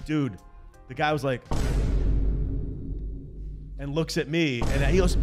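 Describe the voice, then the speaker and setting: Faint music plays behind this podcast co-host, a man in his forties with a fairly high voice who talks at normal speed with long pauses. Chatting casually, he tells a story animatedly and performs the voices of those he quotes.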